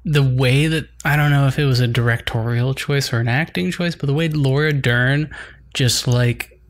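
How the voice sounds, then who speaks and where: A man's voice: medium pitch, steady tone, normal speed. A man co-hosting a podcast, casually reviewing films in a blunt, joking way with casual swearing. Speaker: podcast co-host. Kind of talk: casual film review chat.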